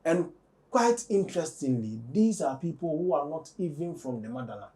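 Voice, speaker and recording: A male commentator, speaking a touch high. He weighs his words deliberately and lays out both sides of the story in talk-show fashion. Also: lively intonation, warm tone. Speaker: entertainment commentator.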